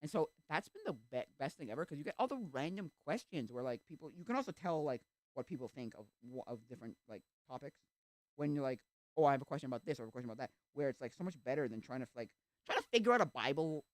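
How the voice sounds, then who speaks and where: On a livestream, a young adult man with a fairly high voice and big pitch swings speaks quickly in a dry recording. His casual chat wanders through tangents and fillers, and he imitates the voices of those he quotes.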